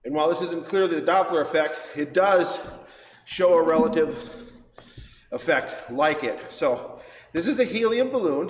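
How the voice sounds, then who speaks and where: A man's voice: high voice, animated, normal speed. A man teaching a livestreamed science demo in a chatty, rambling way, correcting himself and laughing often. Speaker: science center educator. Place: science center exhibit hall. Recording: echoey hall with faint noise.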